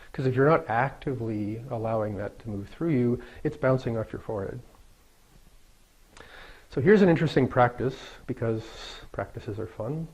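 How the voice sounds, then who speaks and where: A middle-aged man with a mid-range, darkish, slightly rough voice teaches Daoist ideas to a small live group in a room. His style is loose, joking and conversational, with frequent laughter and lots of fillers. The recording is dull and lo-fi.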